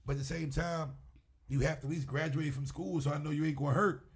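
A man who works as a wrestling promoter, chatting as a guest in a casual interview, an animated storyteller who swears freely. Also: a little high, fast talker, slightly rough.

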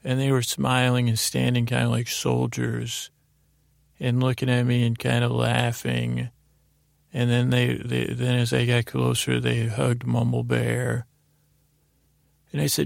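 A man hosts a sleep story, speaking close to the mic in a monotone, creaky, mid-range voice at a measured pace with no room sound. He recounts a dream in a meandering bedtime ramble full of fillers and restarts.

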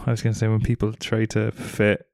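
A man's voice: on the low side, completely flat delivery, brisk, darkish tone, dry recording, studio quality. A man in his thirties co-hosting a podcast, joking and swearing in casual chat. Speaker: podcast co-host.

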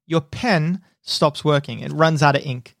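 A man narrating as game master in a relaxed, descriptive way with halting restarts. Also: on the high side, creaky, no echo, clean studio sound.

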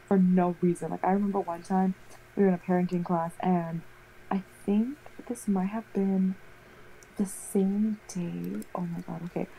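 A young woman in casual chat, telling a rambling, animated story full of "like". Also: medium pitch, husky, rough recording.

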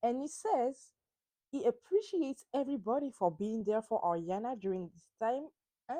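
A woman's voice: a little high, lively intonation, normal speed, dark tone, no room sound. A woman hosting a podcast, recapping reality TV in a casual, emphatic way and swearing freely. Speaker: podcast host.

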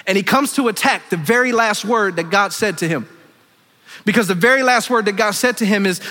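A man with a high, bright voice preaching with fervor, surging up in pitch and force and then dropping to low, quiet asides. His voice rings out with the long reverb of a large church hall. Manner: impassioned, swinging between loud high preaching and hushed low asides. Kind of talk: sermon.

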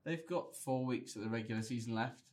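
A man's voice: mid-range voice, a little fast, darkish tone. A man co-hosts a casual sports podcast. He speaks drily and bluntly, sharing matter-of-fact opinions. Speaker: podcast co-host.

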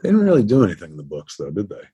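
Husky man joking crudely on a podcast. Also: fairly low pitch, wildly swooping pitch, racing, warm tone. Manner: profane, joking, laid-back. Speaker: podcast co-host. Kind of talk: casual podcast banter.

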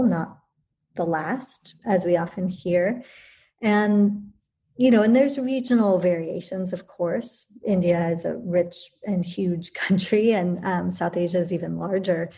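Yoga teacher woman chatting, warm mellow voice, thinks out loud. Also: on the low side, measured pace. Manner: thoughtful, many restarts and fillers. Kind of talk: reflective conversational talk.

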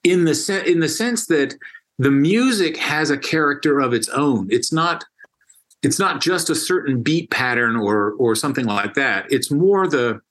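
A man's voice: on the high side, animated, normal speed, a bit bright. A man talking casually and enthusiastically as a guest, often restarting and repeating words as he explains. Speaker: music guest explaining opera.

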